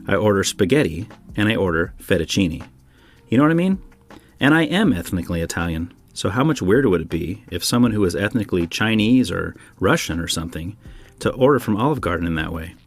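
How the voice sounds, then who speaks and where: A male podcast host with a low voice that swings animatedly between high and low. He talks in a wry, opinionated way, piling up rhetorical questions, with faint music behind him. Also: very animated, quick pace. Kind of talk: scripted monologue then casual chat. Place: home.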